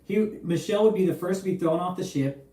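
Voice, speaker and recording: A young man hosting a livestream, talking casually in a profane, animated way. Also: high voice, fast, echoey room, far from the mic. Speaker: livestream host.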